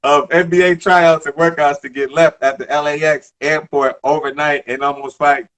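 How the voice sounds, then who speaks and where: A man in his thirties from the Bronx with a New York accent, telling stories in a casual interview, animated, emphatic and profane. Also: a little high, moderate pace. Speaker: former basketball player, guest.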